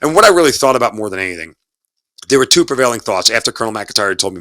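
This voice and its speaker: A man's voice: medium pitch, very animated, racing, a bit bright, no room sound. A man in his forties, an army officer and broadcaster, telling his story in an interview in an earnest, talkative way, often repeating words as he searches for them. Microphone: studio mic.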